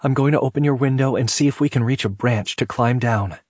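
A young mother cornered by fire, calling out in alarm and then soothing her child, done by a man reading the story. The voice sits a little above the narrator's own and stays husky. It is recorded close and dry. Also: medium pitch, a little fast, no echo, pitched above the performer's own voice, natural voice. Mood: tense. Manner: urgent, shouting in alarm, then softly reassuring. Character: young mother trapped in a fire, frantic but protective.

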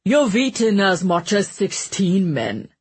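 A woman's voice: medium pitch, sing-song, slow, husky, exaggerated voice. A woman voicing a sour, complaining male butler with a northern accent, grumbling darkly in a storybook reading.

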